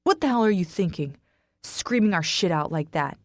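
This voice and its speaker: A woman's voice: on the low side, lively intonation, moderate pace, no room sound, studio quality, natural voice. A woman voicing an angry, defensive husband who talks curtly and brushes things off. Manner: curt, dismissive and defensive. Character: angry defensive husband, a man gambling his life away.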